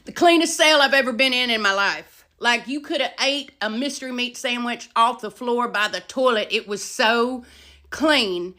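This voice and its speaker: A middle-aged woman telling a casual storytime, animated, with loud emphasis and hushed asides. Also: a little high, moderate pace.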